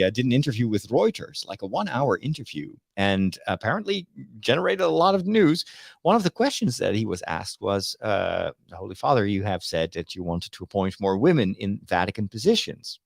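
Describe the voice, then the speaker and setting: Male priest co-host, gravelly, halting chatty delivery with fillers, dry close sound. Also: lowish voice, big pitch swings, no echo. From Netherlands. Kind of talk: casual chat about church news.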